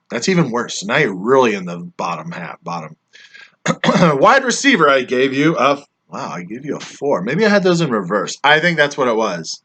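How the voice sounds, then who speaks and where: A man with a bright, forceful voice rambles through a review of his friends' teams, teasing as he goes. He often lets the ends of his sentences drop off quietly. His voice sounds slightly worn from talking. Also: mid-range voice. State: voice getting worn. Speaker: fantasy football league member reviewing drafts. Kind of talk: casual chat grading friends' teams.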